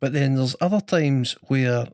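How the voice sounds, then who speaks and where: Scottish bloke on a podcast, laid back, short replies, dry close sound. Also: male voice, mid-range voice, a little slow, a little mellow, no echo. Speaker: podcast co-host. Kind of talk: casual chat.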